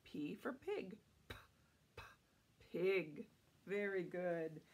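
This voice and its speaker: A woman reading a picture book aloud to young children, playful and teacherly, sounding out letters slowly and asking questions. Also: lowish voice, expressive. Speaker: children's storytime reader.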